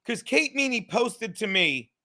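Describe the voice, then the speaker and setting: A man in his thirties rants on his own podcast from his couch at home, rambling, cursing and getting worked up. His voice sits high for a man, with a bright, sharp edge. It sounds like a home camera setup. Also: very animated, measured pace. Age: 30s. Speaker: podcast host. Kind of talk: profane livestream rant.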